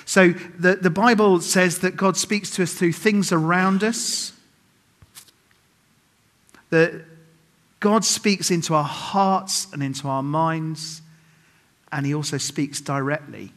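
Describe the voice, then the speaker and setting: A man's voice: fairly high pitch, takes it slowly, pauses often, a bit bright. A middle-aged man preaching a sermon at a church service, telling stories with humor and making self-mocking asides to the congregation. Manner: humorous storytelling with acted quotes.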